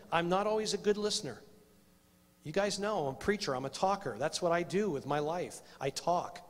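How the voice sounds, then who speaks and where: A middle-aged man, a preacher leading a men's workshop at a conference. He talks in a chatty, self-deprecating way, tells personal stories and puts questions to the audience. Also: a little high. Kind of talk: conference workshop talk to men. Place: church hall. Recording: reverberant church hall.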